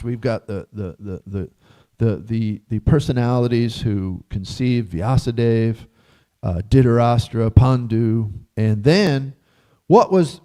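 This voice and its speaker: A man giving a casual scripture class, telling stories with animated rhetorical questions and frequent chuckles. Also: medium pitch.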